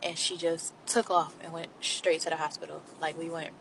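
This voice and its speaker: A woman's voice: sits low, flat delivery, normal speed, creaky, slight background noise, low-quality recording. A young adult woman, telling a story to her viewers in a candid, blunt way. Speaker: vlogger. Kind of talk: storytime vlog.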